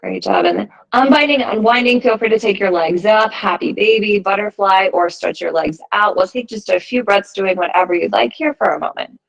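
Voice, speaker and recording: A woman teaching a yoga class, giving calm, encouraging cues timed to the breath. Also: mid-range voice, a little fast, creaky, hardly any pauses, highs cut off. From United States. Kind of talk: guided yoga class instruction.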